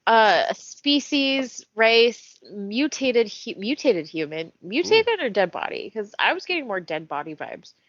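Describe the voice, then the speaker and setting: A woman's voice: fairly high pitch, very animated, measured pace, hardly any pauses, no echo. A woman reads a character profile on a casual podcast, stopping between fields for joking comments. The recording is dry and a little muffled, with no room sound. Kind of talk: casual chat. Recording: dull, dry podcast audio.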